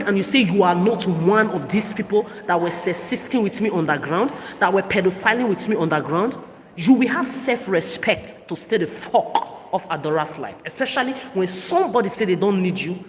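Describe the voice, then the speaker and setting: Furious woman ranting in echoing room. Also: medium pitch. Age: 30s. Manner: furious, profane, accusatory ranting. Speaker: podcast host. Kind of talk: angry solo monologue. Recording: reverberant room, faint background noise.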